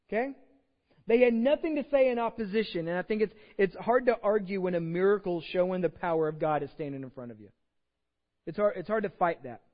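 Texan male pastor, high voice, chatty sermon delivery, dull recording in a reverberant sanctuary. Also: expressive, fast. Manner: conversational preaching, reads scripture aloud, repeats words. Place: church sanctuary. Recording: dull sound with long hall reverb.

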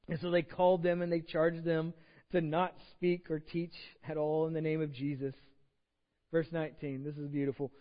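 High-voiced Texan pastor in an echoing church. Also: male voice, flat delivery, moderate pace. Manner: conversational preaching, reads scripture aloud, repeats words. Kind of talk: sermon. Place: church sanctuary. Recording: dull sound with long hall reverb.

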